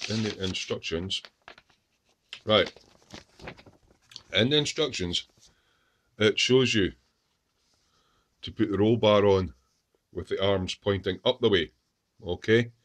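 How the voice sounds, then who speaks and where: Low-voiced man at his workbench. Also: slow, pauses often. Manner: hesitant, lots of ums and restarts. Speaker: scale model builder. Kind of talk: casual workshop show-and-tell.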